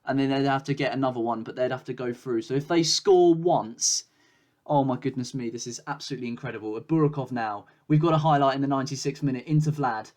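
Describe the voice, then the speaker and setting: A man's voice: medium pitch, quick pace. Frustrated man commentating a football game. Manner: frustrated, swears, commentates excitedly. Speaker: gaming YouTuber. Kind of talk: let's play commentary.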